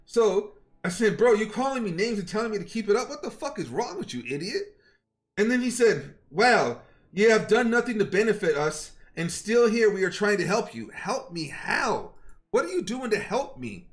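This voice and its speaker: A man's voice: sits high, animated, normal speed. A man streaming live and telling his chat a story in a heated rant, profane, confrontational and worked up. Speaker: game streamer.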